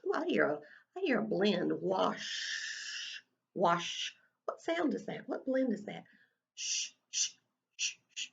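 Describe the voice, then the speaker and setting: A woman teaching kindergarten writing in a gentle sing-song voice, slowing down to stretch out each sound for her young students. Her voice sits at a middle pitch. The recording is a little dull and lo-fi. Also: creaky.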